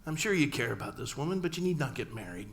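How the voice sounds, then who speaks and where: A man's voice: medium pitch, very animated, quick pace. A middle-aged man, a pastor, telling a personal story in a sermon and acting out family dialogue with humor. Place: church sanctuary.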